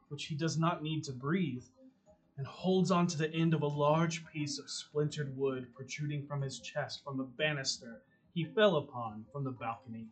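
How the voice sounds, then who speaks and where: A man acting as game master, narrating a tabletop role-playing game in a measured, descriptive way. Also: a little high, a bit bright, husky.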